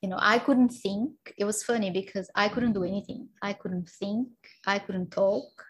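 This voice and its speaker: A woman's voice: medium pitch, moderate pace, husky. Laughing woman telling a birth story. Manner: animated, laughing, acts out quoted voices. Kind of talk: casual personal storytelling.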